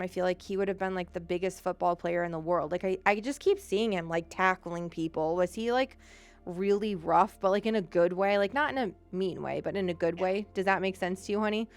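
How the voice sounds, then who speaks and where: A young woman giving a psychic reading on a live stream, gentle and emotional, choked up and rambling with many fillers. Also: medium pitch, fairly quick. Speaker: psychic medium.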